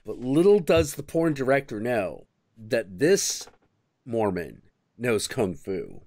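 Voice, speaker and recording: A male stream host in casual chat, telling crude stories with an animated, playful delivery. He speaks slowly, and his pitch rises and falls a great deal. The sound is dry and close, with no room echo. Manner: animated, crude storytelling with bursts of acted quotes.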